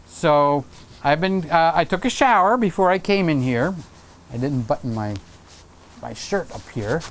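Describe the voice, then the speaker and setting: An excitable, jokey man hosting a casual livestream from a home room, reading out viewer comments with lots of fillers and teasing. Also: on the high side. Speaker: livestream host. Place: home room with Christmas tree set.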